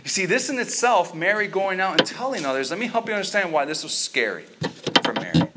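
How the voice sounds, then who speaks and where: A man preaching an interactive sermon as a youth pastor, telling the story in an animated way and quizzing his listeners. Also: high voice, a little fast, very noisy.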